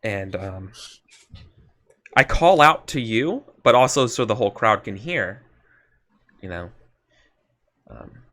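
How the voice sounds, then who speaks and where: A man's voice: fairly low pitch, animated, takes it slowly, long pauses, a bit bright. A man playing a tabletop role-playing game, talking casually with many fillers and restarts. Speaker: player.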